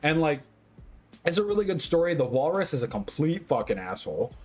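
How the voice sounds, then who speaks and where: A tipsy man giving a casual movie review, rambling, swearing constantly and getting excitable. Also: on the high side, a little fast. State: tipsy, drinking.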